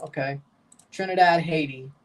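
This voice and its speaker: A fairly high male voice at a moderate pace belongs to a streamer reacting live to a football match. He chats casually, calls out the play as it happens, answers viewers, and grows nervous as the end approaches.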